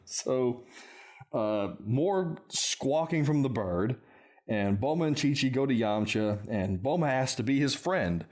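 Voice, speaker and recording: A man with a middle-of-the-road pitch, chatting through a film recap on a podcast. His delivery is wry and relaxed, and he keeps breaking into laughter at his own lines. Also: takes it slowly. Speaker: podcast host.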